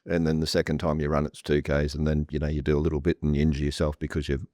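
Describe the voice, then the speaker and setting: A deep-voiced man speaks plainly, often restarting his sentences as he tells a story. The sound is close and dry, with no room around it. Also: little pitch movement, fast talker, a little mellow, no room sound. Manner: repetitive restarts, blunt and plain-spoken. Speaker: property developer guest. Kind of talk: conversational storytelling on a panel. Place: room with a live audience.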